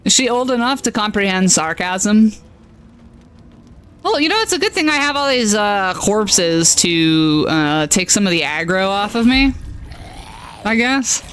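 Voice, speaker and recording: A woman's voice: medium pitch, sing-song, measured pace, fairly bright tone, slight background noise. A nasal-voiced woman casually chatting with her viewers while she streams a game, self-deprecating and exasperated by technical trouble. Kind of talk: casual live-stream chat while gaming.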